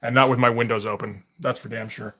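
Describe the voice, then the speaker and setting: A man with a bright, forceful voice rambles through casual livestream chat. He laughs a lot and keeps restarting his sentences. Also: medium pitch, level tone, fast talker, slight background noise. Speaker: comic artist livestreaming.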